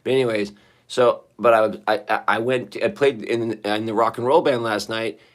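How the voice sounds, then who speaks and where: A man talking into his phone on a loose live stream, his voice hoarse and shaky as though he sang too hard last night. He rambles, restarts his sentences, and swears casually while chatting with his viewers from the bathroom. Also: lowish voice, fairly even intonation, moderate pace. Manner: rambling, profane, talking to chat. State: hoarse, shaky voice after singing. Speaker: livestreamer. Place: sitting in a bathroom.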